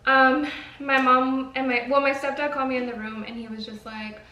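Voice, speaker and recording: A woman's voice: sits high, level tone, fairly quick, sharp tone, far from the mic, lo-fi sound. A woman vlogger telling a personal story in a casual, chatty way, full of fillers and mild swearing. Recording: echoey room, away from the mic, faint music.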